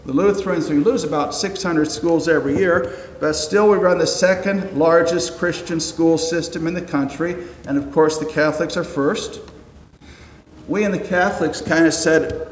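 Man in his fifties, pastor delivering a casual sermon with dry asides; a touch higher-pitched, recorded in a reverberant church sanctuary with faint ambience. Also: fairly even intonation, moderate pace, a little hiss or hum. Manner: conversational, wry asides, rhetorical questions. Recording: roomy echoing hall, faint ambience.

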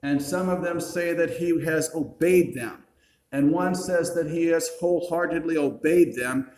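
A male pastor preaching a sermon. He reasons step by step, asks rhetorical questions and adds dry, wry asides. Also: on the high side. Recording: roomy echo.

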